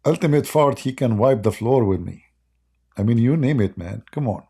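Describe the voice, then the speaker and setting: Gravelly, husky man mocking on a livestream. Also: mid-range voice, expressive, normal speed, warm tone. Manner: mocking, sarcastic banter with frequent laughter. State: hoarse, losing his voice. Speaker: livestream debate host. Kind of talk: casual livestream chat. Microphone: close desk microphone.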